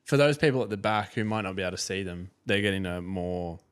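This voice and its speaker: Brief: young man, low-pitched podcast co-host, deadpan and teasing. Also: quick pace, smooth. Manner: dry, teasing quips. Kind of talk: casual chat.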